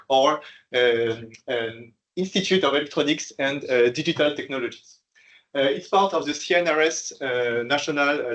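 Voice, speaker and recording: A man's voice: on the high side, a bit bright, low-quality recording. A middle-aged man from France with a French accent, giving an academic lecture, hesitant with many fillers and light self-mocking jokes. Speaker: researcher giving a colloquium talk. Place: lecture room.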